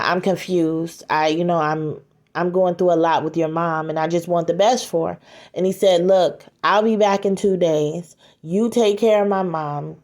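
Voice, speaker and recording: A woman with a slightly low voice recounting a tense story aloud. She rattles off the quoted exchanges quickly, stringing them together with "and he said" and the odd "um" as she goes. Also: a little mellow. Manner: quick, chains quoted dialogue with "and he said". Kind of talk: retelling a story scene by scene.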